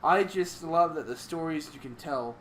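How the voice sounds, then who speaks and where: A man's voice: fairly high pitch, normal speed, a bit bright, a little hiss or hum. A man co-hosting a casual commentary stream, rambling and trailing off as he reads comics aloud. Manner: rambling, giggly, trails off mid-sentence. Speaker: co-host reading comics aloud.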